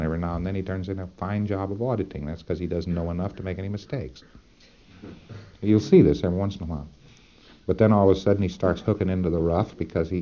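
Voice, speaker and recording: Low-voiced man lecturing, dull lo-fi tape. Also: warm tone. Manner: folksy, emphatic, rhetorical asides. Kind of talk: lecture to trainees.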